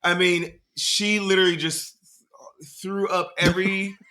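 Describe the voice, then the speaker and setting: A man guesting on a podcast, chatty and quick to jump into stories in casual chat. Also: high-pitched, level tone, bright, forceful tone, a little hiss or hum, low-quality recording. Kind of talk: casual storytelling.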